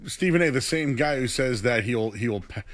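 A young man co-hosting a casual sports talk show, chatty and animated, his voice jumping up when he gets excited. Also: medium pitch, fairly quick. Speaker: sports radio co-host.

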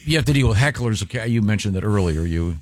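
A man hosting a radio show, introducing a guest and asking questions in a halting way with many fillers. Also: fairly low pitch, animated, darkish tone, no room sound. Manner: halting, uses filler words. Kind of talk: casual radio chat.

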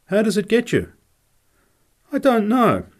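Guy putting on a wired little ex-boxer, high and pushy, voice bouncing all over, audiobook style. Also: wildly swooping pitch, unhurried, full character voice. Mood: eager. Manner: eager, insistent, jumpy. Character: excitable punch-drunk little ex-prizefighter man.

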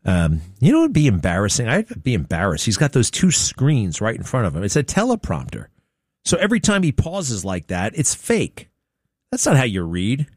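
A man's voice: mid-range voice, wildly swooping pitch, normal speed, slightly rough, no room sound, clean studio sound. A man hosting a talk show, giving opinionated commentary in a sarcastic, mocking way.

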